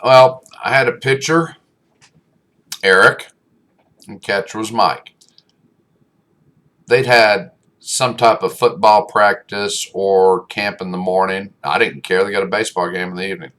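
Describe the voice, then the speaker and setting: A man's voice: lowish voice, fairly even intonation, measured pace, pauses often, a bit bright. A man giving a humorous motivational talk, telling a coaching story in a blunt, folksy, emphatic way. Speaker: speaker, former youth baseball coach.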